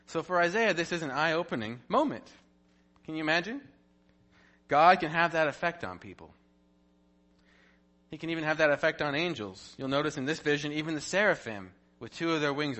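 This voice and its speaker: Guy doing a bible devotional, bright clear voice, playful asides, lots of questions to the listener. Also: medium pitch. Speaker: Bible teacher.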